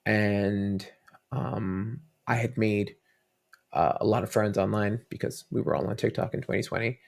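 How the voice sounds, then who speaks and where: Brief: a dad guesting on a fan chat show, rambling and warm-hearted, with gravelly vocal fry. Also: male voice, fairly low pitch, a little slow. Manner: rambling storytelling with many fillers and restarts. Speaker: podcast guest. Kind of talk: casual interview chat.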